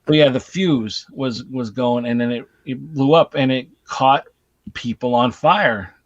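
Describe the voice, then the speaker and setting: A man's voice: medium pitch, unhurried, no room sound. A man hosting a casual movie chat, animatedly retelling scenes and swearing casually. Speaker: host. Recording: dull dry lo-fi recording.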